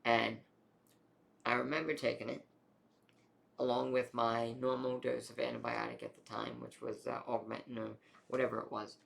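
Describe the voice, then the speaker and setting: A young adult man casually telling a long personal health story, rambling and animated, with many fillers. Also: medium pitch, normal speed, vocal fry, long pauses.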